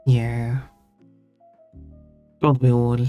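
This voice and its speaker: A man hosting a livestream, answering chat casually in a halting way and chuckling. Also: medium pitch, level tone, clear, resonant tone, lo-fi sound. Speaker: livestream host. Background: faint background music.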